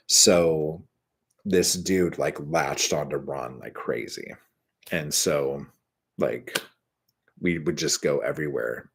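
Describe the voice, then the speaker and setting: A man with a deep, slightly husky voice talks off the cuff, loose and profane. He piles up filler words as he spins stories and reacts to his live chat. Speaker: host answering live chat. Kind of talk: casual storytelling chat.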